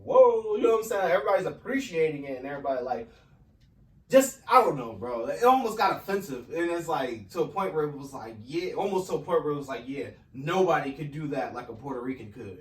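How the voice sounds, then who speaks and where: A man co-hosting a podcast in casual, profane chat, animated and often saying "you know what I'm saying". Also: fairly high pitch. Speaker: podcast co-host. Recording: echoey room, mic at a distance, faint noise.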